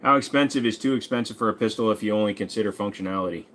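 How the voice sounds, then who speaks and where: A man's voice: on the low side, rapid-fire, fairly bright tone, slight background noise. A man in his forties hosting a casual livestream, reading out viewer questions and joking back in a laid-back way with some swearing. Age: 40s. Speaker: host.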